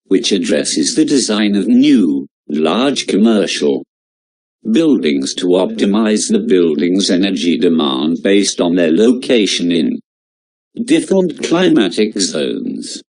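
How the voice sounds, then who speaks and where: A man reading out exam-prep lecture notes in a slow, measured way. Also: sits low, very animated, a little mellow.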